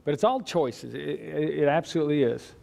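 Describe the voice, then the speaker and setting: A man teaching a church Bible class in a conversational way, with halting restarts and light chuckles. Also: on the high side, gravelly, a little mellow.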